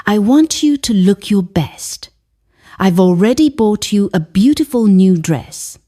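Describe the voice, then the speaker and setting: A woman's voice: medium pitch, animated, a little slow. A woman voicing a coaxing grown son. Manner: gentle, coaxing, insistent. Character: persuasive adult son, polished businessman.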